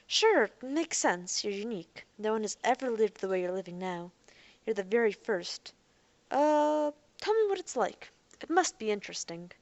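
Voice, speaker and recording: A woman playing calm coaxing young woman. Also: mid-range voice, normal speed. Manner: soothing, coaxing.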